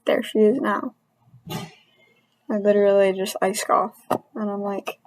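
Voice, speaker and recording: A woman's voice: mid-range voice, level tone, darkish tone, dry recording, poor audio. Frustrated woman venting in a dry, close sound. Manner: frustrated, venting, halting restarts; earnest. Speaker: vlogger. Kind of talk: personal rant to camera.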